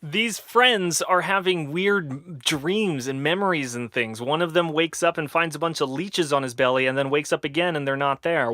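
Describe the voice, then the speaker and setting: A man hosting a casual podcast, talking in an animated, energetic way into a close microphone. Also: a little high, no room sound. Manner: lively, animated, plays the show's announcer. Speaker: podcast host.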